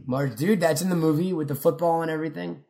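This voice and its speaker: A man's voice: a little high, quick pace, vocal fry, mellow. A young man in casual chat, rambling and swearing freely as he jumps between stories and quotes. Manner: rambling, swears often, quotes movie lines.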